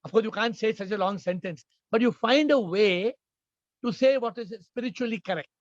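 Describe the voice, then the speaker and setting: High-voiced man giving emphatic spiritual answers. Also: moderate pace, no echo, highs cut off. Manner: repetitive, emphatic, questioning the audience. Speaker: spiritual teacher answering questions. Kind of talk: informal spiritual Q&A talk.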